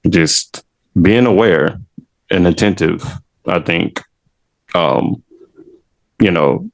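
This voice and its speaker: A man with a very low voice chatting on a podcast, laid-back and full of jokes, laughing easily and dropping casual slang. His tone stays relaxed and easygoing. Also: takes it slowly, vocal fry, rough recording. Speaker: podcast host.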